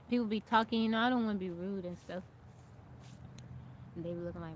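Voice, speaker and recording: A woman's voice: lowish voice, quick pace, pauses often, a little hiss or hum. A woman hosting a casual live stream outdoors, chatting and greeting viewers by name as they join, and thanking them. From America. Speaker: livestream host. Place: outdoors in nature.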